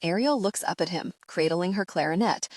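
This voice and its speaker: A woman reading a first-person audiobook in a soft, measured, intimate manner, recorded close on a studio mic. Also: on the low side, a little hiss or hum. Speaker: audiobook narrator.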